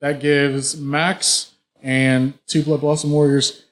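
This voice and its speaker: A man narrating as game master in a casual, halting way. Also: on the high side, level tone. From Southern United States.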